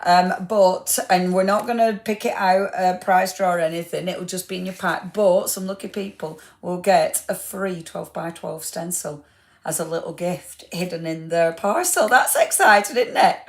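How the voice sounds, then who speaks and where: A woman's voice: on the low side, normal speed. A woman hosting a live craft product showcase, gushing over papers and chatting to viewers by name. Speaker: craft shop host.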